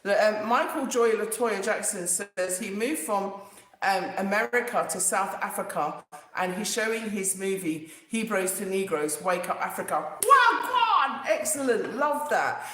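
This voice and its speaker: A woman, hosting a casual live stream, animated and emphatic, repeating herself and talking straight to viewers. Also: mid-range voice, normal speed, a little hiss or hum. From England. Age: 50s. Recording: very echoey room.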